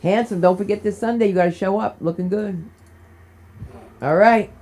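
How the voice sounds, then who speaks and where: A woman's voice: mid-range voice, moderate pace, darkish tone, slight background noise. A woman from New Jersey hosting an open mic at a small comedy club, teasing the crowd and jumping from joke to joke. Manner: chatty, teasing, jumps between jokes. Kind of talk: live comedy hosting with audience banter.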